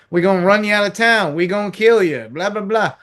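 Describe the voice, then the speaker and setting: A loud, threatening Southern heavy with a shotgun, barking in a raised, brash drawl, as a man puts him on. The voice sits higher and pushier than ordinary talk, with a rough small-town menace. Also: expressive, moderate pace. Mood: mock menacing. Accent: American Southern.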